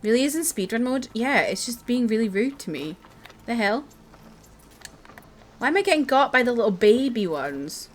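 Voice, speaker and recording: A woman streaming a video game, giving casual live commentary, chatty and quick to swear and shout when frustrated. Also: a little high, very animated, slight background noise.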